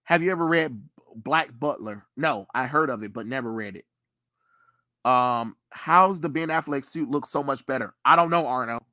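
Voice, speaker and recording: Bright-voiced ranting male host. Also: medium pitch, moderate pace, no echo, studio quality. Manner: animated, swearing, ranting. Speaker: podcast host. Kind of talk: casual pop culture chat.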